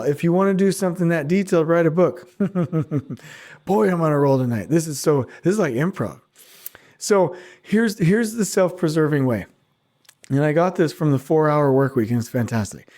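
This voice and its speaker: A middle-aged man hosting a podcast alone, talking casually and teasing his listeners with quick asides. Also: on the high side, dark tone. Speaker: podcast host. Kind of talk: casual solo podcast monologue.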